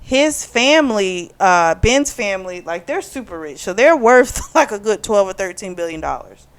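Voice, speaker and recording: A woman's voice: mid-range voice, expressive, normal speed, smooth. A woman hosting a book club channel, giving a chatty, opinionated review full of fillers.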